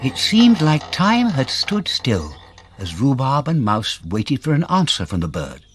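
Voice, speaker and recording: A man narrating a children's story in a lively, playful way. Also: medium pitch, unhurried, faint music behind.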